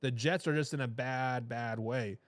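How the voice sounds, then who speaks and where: A man's voice: medium pitch, fairly even intonation, normal speed, no room sound. A man hosting a sports talk show, emphatic and repeating phrases to drive his points home. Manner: reads viewer comments aloud with a laugh.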